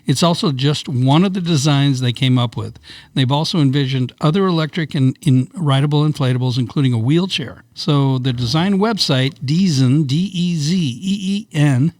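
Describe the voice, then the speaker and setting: A man's voice: on the high side, normal speed, a little mellow, no echo. A middle-aged man co-hosting a casual podcast, reading out news items with laughs and stumbles.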